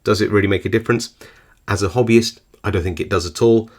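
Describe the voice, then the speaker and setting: A man, hosting his own channel and giving a casual product review, easygoing and often pausing with ums and restarts. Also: on the low side, steady tone. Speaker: lock-picking channel host.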